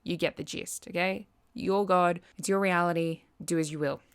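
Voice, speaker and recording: Low-voiced woman chatting casually. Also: fairly even intonation, smooth. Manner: chatty, acts out quick quoted asides. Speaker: vlogger. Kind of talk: casual chat.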